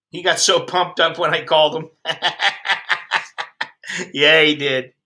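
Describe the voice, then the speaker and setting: Here a US-born livestreamer living abroad tears into the news with blunt sarcasm and lots of swearing. His fairly high voice comes out pushed and bright at a moderate pace, broken by long pauses.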